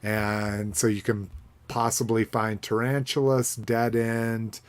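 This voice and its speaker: A man's voice: fairly low pitch, flat delivery, takes it slowly, smooth. A man hosting a casual podcast chat about toy collecting, rambling with fillers and restarts. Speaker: podcast host.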